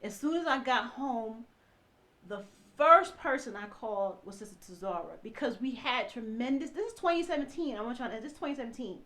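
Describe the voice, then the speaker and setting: A woman with a slightly raised voice tells her own story in a rush of feeling. She acts out each person's words as she goes, and she stops and restarts her sentences often. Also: a little high. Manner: animated, acts out quoted dialogue, restarts often. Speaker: guest telling her story.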